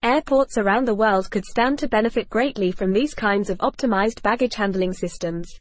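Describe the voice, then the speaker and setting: Woman cohosting a research podcast, polished and upbeat, mid pitch, dry close sound. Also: moderate pace, no room sound. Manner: polished, upbeat synthetic delivery. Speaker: podcast co-host. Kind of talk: scripted podcast discussion.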